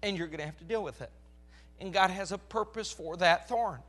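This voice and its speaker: High, bright, crackly-voiced preacher man. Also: fairly quick, soft background music. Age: 40s. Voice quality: crackly strained voice. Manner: animated preaching, rising to loud emphasis. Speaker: pastor. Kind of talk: sermon.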